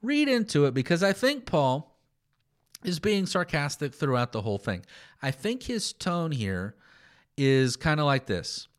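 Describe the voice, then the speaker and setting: A man's voice: fairly high pitch, big pitch swings, a little slow. A man teaching Scripture on a podcast, explaining passages with sarcastic asides.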